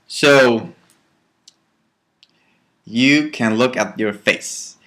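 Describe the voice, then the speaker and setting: Slow-talking man giving a spiritual talk. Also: medium pitch. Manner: animated, swings from loud bursts to soft near-whispers.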